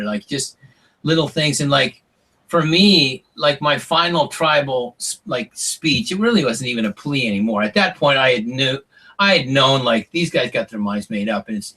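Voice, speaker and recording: A man's voice: on the high side, sharp tone, slightly rough, poor audio. A man telling long stories as an interview guest, rambling with lots of "like" and "you know". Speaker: interview guest, former reality show contestant. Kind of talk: casual interview storytelling.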